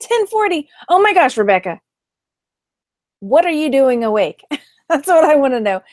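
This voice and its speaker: A woman's voice: high voice, very animated, moderate pace, darkish tone, no echo, clean studio sound. A woman with a Texan accent chatting casually on a late-night live stream, tired and greeting viewers by name as she goes. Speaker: online reseller doing a live stream.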